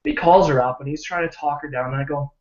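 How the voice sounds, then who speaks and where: Animated man telling a story, roomy call audio. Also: a little high, fast, dull audio. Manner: animated, acts out quoted voices. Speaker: team member sharing a success story. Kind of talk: casual storytelling on a group video call. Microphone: video call.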